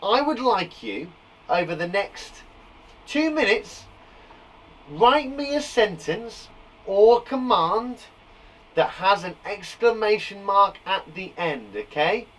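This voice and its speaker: A man with a high, very lively voice teaching young children in a live online lesson, shouting out example phrases with relish. He sits a little way from the mic, with faint noise in the background. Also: slow pace, distant mic, rough recording. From England. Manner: animated, exclaiming examples with big jumps in loudness. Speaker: primary school teacher. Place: garden shed classroom.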